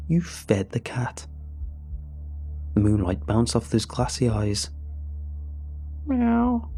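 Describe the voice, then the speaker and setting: A man reading a horror story aloud in a measured, grim scripted narration. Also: mid-range voice, mellow.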